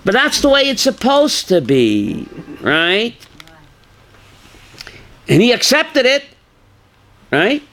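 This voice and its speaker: A man leading a Torah class, his high voice leaping up and down as he quizzes listeners by name. He has a bright, forceful edge and pushes hard when he wants a point to land. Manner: calls on listeners by name, asks questions, bursts loud. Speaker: rabbi teaching a class.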